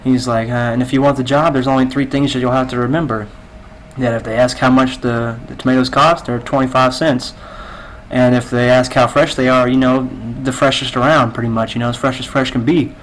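A man's voice: medium pitch, little pitch movement, a little fast, slight background noise, low-quality recording. Laid-back man telling a long joke. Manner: loose storytelling, many "he's like" quotes. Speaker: gamer telling jokes. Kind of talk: casual chat telling a joke.

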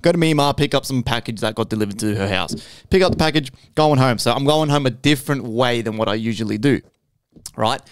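A young man telling a story on a podcast, animated and full of swearing, checking in with "right?" as he goes. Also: medium pitch, brisk, clean tone, no echo. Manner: animated, swears constantly, keeps adding "right?". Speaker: podcast host. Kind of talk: casual storytelling chat.

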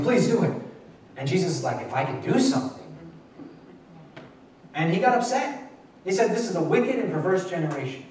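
A man's voice: fairly high pitch, a little mellow, slight background noise. Male pastor, plain talking sermon style with restarts; recorded from afar in a very reverberant church room. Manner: conversational and repetitive, with frequent restarts. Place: church hall at a midweek Bible study. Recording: echoey church room, mic far off.

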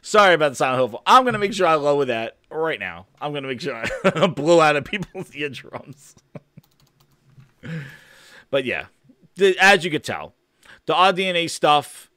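A man's voice: on the high side, sharp tone, no echo, clean studio sound. A man hosting a gaming stream, rambling and sarcastic, with plenty of profanity. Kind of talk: casual gaming podcast rant. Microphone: studio-quality microphone.

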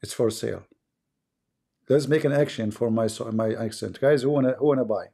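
A man's voice: mid-range voice, a little fast, creaky, mellow, husky. A man with a foreign accent hosting a live stream, reading viewer comments and teasing his audience. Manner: joking and teasing, often laughing.

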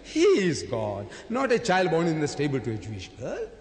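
A man making a dramatic debate speech to an audience, acting out the quotations he cites in a loud voice. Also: fairly high pitch, huge pitch swings, normal speed, crowd noise. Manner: dramatic, acts out quotations loudly. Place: large hall before an audience. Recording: echoey hall recording.

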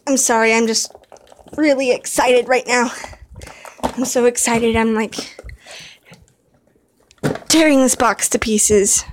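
A woman filming an unboxing vlog, gushing and excitable, talking to her viewers while tired late at night. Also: fairly high pitch, slow, pauses often, a little hiss or hum. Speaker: vlogger unboxing a model horse.

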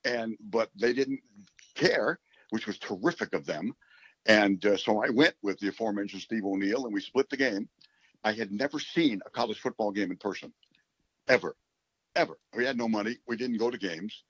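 A man in his seventies from New York City, a radio play-by-play announcer, telling rambling, animated stories in a casual interview. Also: on the low side, normal speed, husky, no room sound. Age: 70s. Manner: animated, rambling storyteller who acts out quotes. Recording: dull, dry recording.

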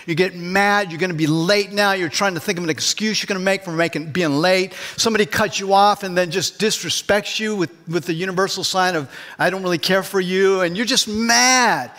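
A man with a high voice preaches a sermon in a church. His delivery is conversational, and he keeps turning to the congregation with questions. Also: a little fast, few pauses, pushed and bright. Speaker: pastor.

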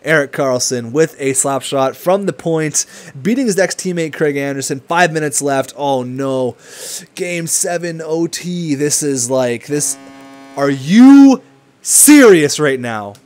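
Young male gamer, slightly high voice, hyped and cursing at the screen, loose casual commentary. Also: a little slow, slight background noise. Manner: excitable, swings from hype to frustrated swearing. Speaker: gaming commentator.

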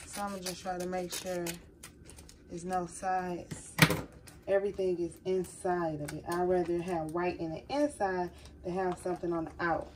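A chatty woman talks her viewers through a home craft project, sounding nervous and calling them y'all. She sits a little back from the mic, so her voice comes across somewhat distant, with a faint hiss underneath. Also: lowish voice. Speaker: crafting vlogger. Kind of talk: casual tutorial chat to viewers.

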